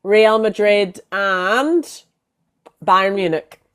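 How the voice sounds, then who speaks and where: A woman's voice: mid-range voice, drawn-out words, fairly bright tone, smooth. Chatty woman football podcast co-host. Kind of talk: casual chat.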